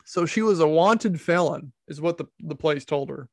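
Man, casual comedic commentary, sarcastic, slightly high voice, dry close sound. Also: moderate pace, gravelly, a little mellow, dry recording. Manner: sarcastic, incredulous, swears freely.

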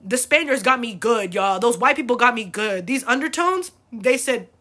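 Bright-voiced woman telling profane stories. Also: on the high side, normal speed. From United States. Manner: animated, profane, laughing. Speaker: podcast host. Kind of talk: casual storytelling.

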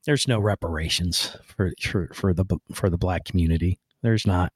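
A man's voice: low voice, moderate pace, slightly rough, no room sound, clean studio sound. A man hosting a podcast, delivering a blunt, rambling opinion monologue with casual swearing and frequent "right?" and "man". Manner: swears casually and then apologizes. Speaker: podcast host.

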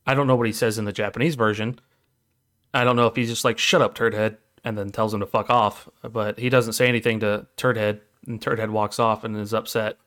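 A man co-hosting a podcast in casual chat, profane and retelling scenes with quick acted quotes. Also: on the low side, flat delivery, a bit bright. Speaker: podcast co-host.

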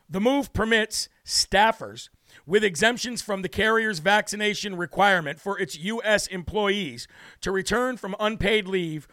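A man hosts a political talk show in a brash, sarcastic rant. His voice sits high and sounds sharp and forceful, with a gravelly edge. It is recorded close on a dry mic. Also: no room sound. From United States. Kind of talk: ranting livestream commentary.

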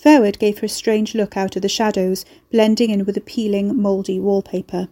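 Mellow woman narrating a story. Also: mid-range voice, flat delivery, a little fast. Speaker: audiobook narrator. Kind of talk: scripted narration of a dark fantasy story.

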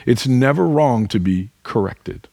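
A man's voice: mid-range voice, animated, measured pace, creaky, dark tone, no echo. A pastor preaching a sermon, earnest, putting direct questions to his listeners. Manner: speaks to the congregation as "y'all".

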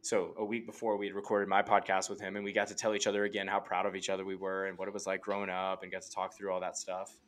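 This low, slightly bright male voice has a completely flat delivery, moving fast with hardly any pauses. He's a podcast guest in his late twenties on a remote call mic, rambling earnestly through a personal story full of "like" in casual storytelling.

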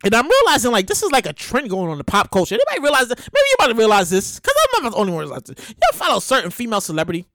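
A man hosting a solo comedy podcast, ranting excitably and loudly, stammering and acting out quotes. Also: very high voice, very fast, hardly any pauses, no room sound, clean studio sound. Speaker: podcast host.

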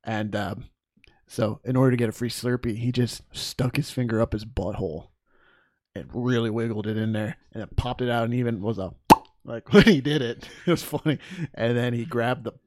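A man co-hosting a podcast in casual chat, teasing and giggly, retelling movie scenes with lively energy. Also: medium pitch, moderate pace, no room sound, studio quality. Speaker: podcast co-host.

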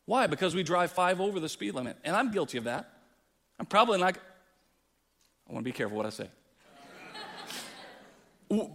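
A male pastor preaching a sermon with passion, dropping low and then rising loud. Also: animated, moderate pace, long pauses. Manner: impassioned preaching, swings from quiet to loud. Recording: long hall reverb.

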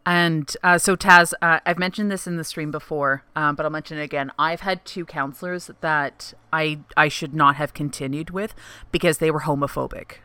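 Low-voiced, bright, chatty woman. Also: fairly even intonation, normal speed, clear, resonant tone, dry recording. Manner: chatty, frank, lots of fillers. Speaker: podcast co-host and streamer. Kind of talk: casual podcast chat.

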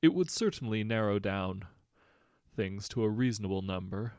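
A man voicing a polite, measured royal advisor. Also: lowish voice, expressive, darkish tone, smooth, dry recording, studio quality. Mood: formal. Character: formal, deferential male royal advisor.

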